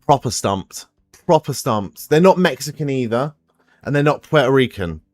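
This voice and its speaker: Animated man hosting a live stream. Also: medium pitch, no echo, soft background music. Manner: thinks aloud, swears freely, quick laughs. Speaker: watch-along stream host. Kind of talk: casual live stream chat, playing a guessing quiz with viewers.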